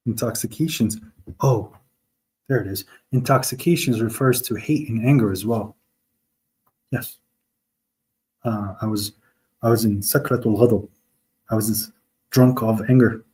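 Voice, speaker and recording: A man's voice: fairly low pitch, a little slow, pauses often, warm tone, breathy edge. A man hosting a live online religious talk, arguing with viewers in the chat in a mocking tone and breaking into quoted Arabic verses. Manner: argumentative, mocking, talks straight to viewers.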